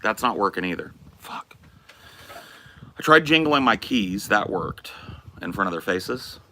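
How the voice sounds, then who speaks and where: A man's voice: lowish voice, expressive, unhurried, bright, forceful tone, slight background noise. A man live streaming who chats casually with his viewers, joking around and swearing freely.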